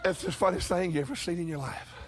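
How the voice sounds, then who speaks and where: A pastor telling a funny story during a church sermon, animated and often chuckling as he talks. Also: high-pitched, quick pace, a loud crowd.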